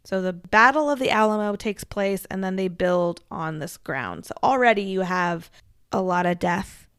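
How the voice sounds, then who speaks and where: A woman's voice: mid-range voice, animated, moderate pace, a bit bright, smooth, dry recording, studio quality. A woman co-hosting a podcast, telling a story in a casual, chatty way with frequent laughs. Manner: chatty, laughs often, self-deprecating asides. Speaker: podcast co-host.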